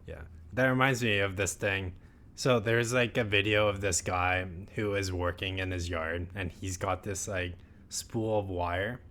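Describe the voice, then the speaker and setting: A man in his thirties with a slightly low voice, co-hosting a relaxed podcast. He drifts from point to point and leans on "like" as a constant filler. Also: a little slow. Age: 30s. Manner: rambling, heavy use of filler "like". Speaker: podcast co-host. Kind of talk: casual chat.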